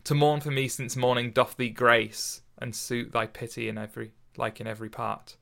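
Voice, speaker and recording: A young man hosting a podcast, reading a sonnet slowly aloud and then chatting and joking animatedly about it. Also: medium pitch, level tone, creaky, fairly bright tone. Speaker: podcast host. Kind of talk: casual chat and poetry reading.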